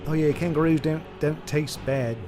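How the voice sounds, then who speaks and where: A man streaming a video game, giving live commentary in an excitable way and taunting the enemies aloud. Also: a little high, normal speed, music in the background.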